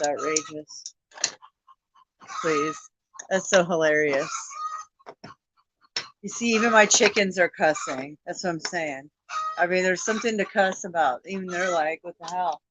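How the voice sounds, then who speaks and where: A woman's voice: fairly low pitch, background noise. A woman hosting a casual livestream chat. She sounds tired, swears often and laughs easily. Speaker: livestream host.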